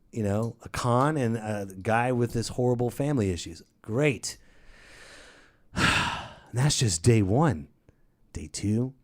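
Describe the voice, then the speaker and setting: A man hosting a podcast, telling a comic story as an exasperated rant that breaks into yelling, close to a studio microphone. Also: mid-range voice. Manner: exasperated, animated, bursts into yelling. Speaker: podcast host.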